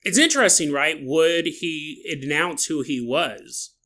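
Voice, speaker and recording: Sick, animated man musing on a podcast. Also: on the high side, measured pace. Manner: animated, joking, musing aloud, laughing asides. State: sick with a sore, dry throat. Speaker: podcast host. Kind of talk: solo podcast monologue.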